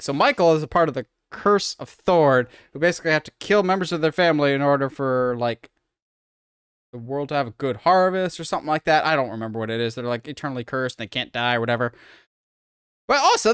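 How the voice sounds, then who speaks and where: A man's voice: fairly high pitch, animated, a little fast, a bit bright, clean tone, no echo, clean studio sound. A man co-hosting a podcast, rambling through an opinionated film breakdown in casual chat. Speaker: podcast co-host.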